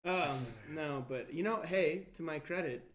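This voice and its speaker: A man's voice: on the high side, measured pace, crowd noise. A tired man after little sleep, joking and swearing through a casual chat as a stream guest. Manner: profane, self-mocking, animated storyteller. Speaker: stream guest and tournament commentator.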